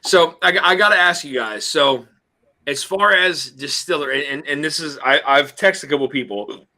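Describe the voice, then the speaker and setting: A man with a bright, forceful tone hosts a relaxed group conversation. He rambles, restarts sentences and stacks up fillers as he thinks aloud. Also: fairly high pitch, normal speed. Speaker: host of a whiskey review livestream. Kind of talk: casual group chat.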